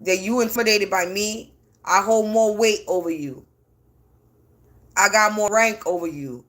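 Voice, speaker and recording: A woman's voice: on the high side, sharp tone. A woman ranting defiantly on a livestream from her home as a spiritual reader, cursing bluntly. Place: at home indoors.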